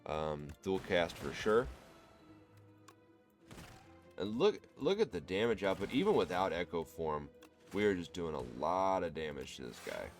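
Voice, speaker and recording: A man with a Midwestern accent, casually commenting on his own card game run and thinking out loud to viewers. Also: deep voice, very animated, normal speed, soft background music. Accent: American Midwest. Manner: thinks aloud, explains card choices to viewers. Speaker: gameplay commentator. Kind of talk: relaxed let's-play commentary.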